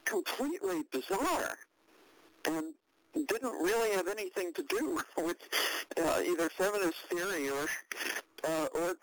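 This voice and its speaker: An older woman speaks in a low, deep register at a slow, deliberate pace. She recounts a past event in an interview, pausing on fillers and restarting her sentences. Her delivery is dry and wry, and the recording sounds close and dead, with no room echo. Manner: halting and measured, with many fillers and restarts.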